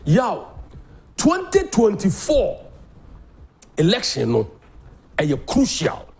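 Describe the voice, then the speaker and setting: A Ghanaian man hosting a political talk show, delivering animated commentary that mixes Twi and English. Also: sits high, slow, creaky. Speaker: host.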